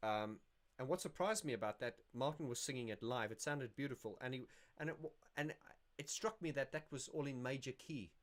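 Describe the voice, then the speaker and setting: A man's voice: mid-range voice, fairly quick. Rambling male livestream host. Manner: rambling and self-correcting, sings snippets to illustrate. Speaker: livestream host answering viewer questions. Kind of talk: casual livestream chat.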